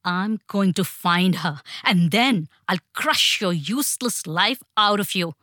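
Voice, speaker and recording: A woman reading a story, voicing an enraged, threatening middle-aged father who shouts and hollers. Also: fairly high pitch, lively intonation, measured pace, no echo, studio quality. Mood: raging.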